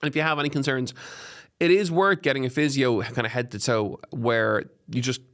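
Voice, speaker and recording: A man with an Irish accent hosting a podcast, giving fitness advice in an energetic, encouraging way and listing examples in quick runs. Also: mid-range voice. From Ireland. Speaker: podcast host and fitness coach. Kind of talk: solo podcast advice talk. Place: podcast studio.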